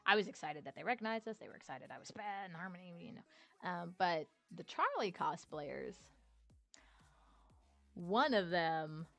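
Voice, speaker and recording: A woman's voice: on the low side, big pitch swings, moderate pace, gravelly, fairly bright tone, soft background music. A woman streamer telling a story in casual chat, laughing often and swearing freely.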